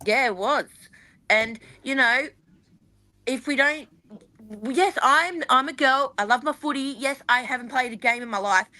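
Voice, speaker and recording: A woman co-hosting a sports fan podcast, chatty and animated, rambling with lots of fillers. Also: high-pitched, measured pace. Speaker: podcast co-host. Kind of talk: casual fan panel chat.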